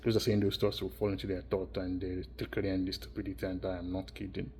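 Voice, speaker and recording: A man's voice: low-pitched, flat delivery, quick pace, darkish tone, a little hiss or hum. A man giving a rambling, insistent monologue, repeating and restarting his phrases as he circles his points. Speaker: vlogger.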